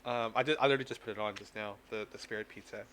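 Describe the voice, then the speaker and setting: A man's voice: lowish voice, fairly even intonation, racing, fairly bright tone, a little hiss or hum. A man hosting a casual tarot reading live stream, playful and teasing with his viewers.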